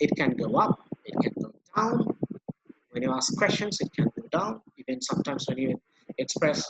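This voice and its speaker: A man's voice: sits high, very animated, fairly quick, creaky, background noise. A man with a Bangladeshi accent gives an online university lecture in English and Bengali. He repeats his points patiently and keeps asking the class questions.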